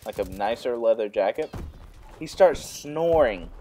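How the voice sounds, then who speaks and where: A man's voice: medium pitch, lively intonation, unhurried, dark tone, a little hiss or hum. A young man vlogging, telling a funny personal story in a rambling, casual way with lots of fillers. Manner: rambling, filler-heavy, laughs while telling stories.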